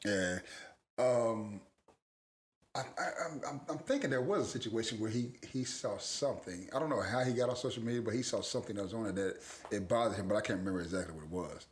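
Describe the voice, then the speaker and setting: A man's voice: lowish voice, fast talker, slight background noise. A young man co-hosting a casual talk show, telling stories loosely with lots of swearing and frequent laughter. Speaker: podcast co-host. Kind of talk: casual chat.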